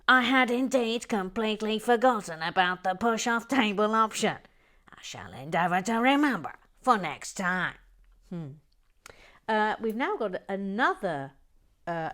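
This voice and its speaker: A woman hosting a Lego building channel, chatting quietly to herself and her viewers as she builds. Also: mid-range voice. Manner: soft-spoken, talks quietly to herself and viewers. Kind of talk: casual chat while building.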